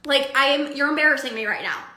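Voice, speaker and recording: A woman voicing a weary, embarrassed mother hushing her child in a store, pleading and tired. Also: high-pitched, animated, fast, roomy sound.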